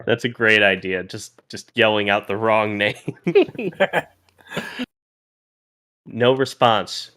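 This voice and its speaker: A man narrating a tabletop role-playing game as game master, pausing and restarting as he describes each scene. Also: on the low side, animated, bright, forceful tone.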